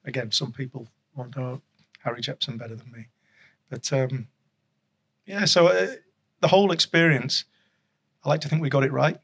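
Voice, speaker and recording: A man's voice: medium pitch, steady tone, moderate pace, pauses often, a bit bright, husky. A middle-aged man, a guest telling rambling stories in a casual chat, chuckling and restarting often. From Yorkshire, England. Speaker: guest, former rugby league coach and official.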